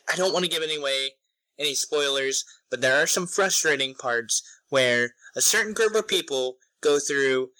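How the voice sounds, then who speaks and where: A young man co-hosting a podcast in casual chat, relaxed and self-deprecating, rambling with fillers. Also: medium pitch, poor audio. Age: young adult. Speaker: podcast co-host.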